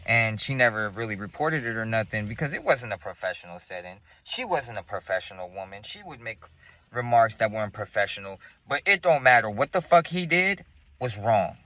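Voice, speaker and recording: A man's voice: lowish voice, expressive, a little fast, sharp tone, no room sound, poor audio. A man telling a story in a casual, rambling, profane way.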